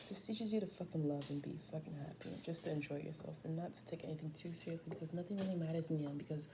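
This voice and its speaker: A woman's voice: deep voice, very fast, few pauses, background noise. An eighteen-year-old woman chatting casually to camera in a vlog, telling stories with a lot of slang and swearing. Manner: profane, animated storytelling with slangy asides. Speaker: vlogger.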